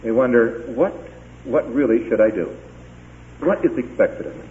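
A man preaching a sermon, retelling a Bible story in an animated way and briefly acting out the characters' lines. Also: medium pitch, moderate pace. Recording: tinny phone-like sound.

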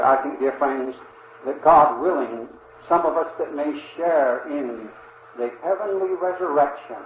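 An older man preaching a sermon in an earnest, reverent manner, speaking slowly and often pausing with "uh" to address his listeners as dear friends. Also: on the high side. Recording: dull roomy old recording with faint hiss.

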